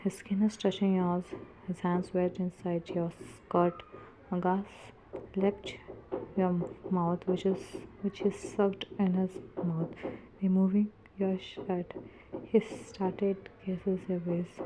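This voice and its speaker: Brief: woman reading a romance story aloud, lowish monotone, noisy home recording. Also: slow. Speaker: fan-fiction narrator.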